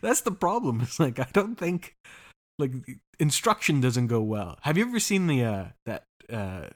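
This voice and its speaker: Animated casual man chatting on a podcast. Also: medium pitch, moderate pace. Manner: animated, laughs often, swears casually. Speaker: podcast co-host. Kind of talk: casual chat.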